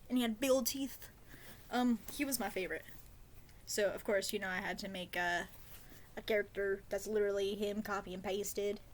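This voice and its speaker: A young woman rambling through a casual vlog chat, full of slang, fillers and side tangents. Her voice sits at an ordinary middle pitch for a woman. A clear steady hiss of noise runs under the whole home recording. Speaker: vlogger.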